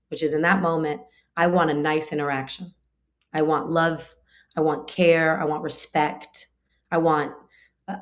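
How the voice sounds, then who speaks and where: Woman, lowish voice, spiritual teacher, chatty class talk, lots of filler words. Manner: conversational, frequent 'like' fillers; explains through everyday family examples. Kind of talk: casual scripture class.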